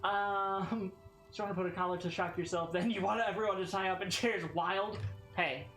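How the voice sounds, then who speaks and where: A woman's voice: medium pitch, steady tone, normal speed, a bit bright. A woman with a Southern American accent streaming a game, chatting casually with viewers, rambling, swearing and laughing often. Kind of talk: casual gameplay stream chat. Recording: echoey room with faint music.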